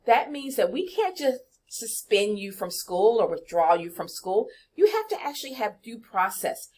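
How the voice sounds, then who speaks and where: Emphatic woman presenting student orientation. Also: on the high side. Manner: emphatic, chatty, addresses students directly. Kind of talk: screen-share walkthrough lesson.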